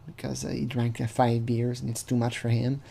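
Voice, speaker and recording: A man's voice: mid-range voice, level tone, moderate pace, gravelly, dark tone, husky. A man giving casual commentary on a text he reads from, rambling and profane, with frequent hesitations. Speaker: channel host.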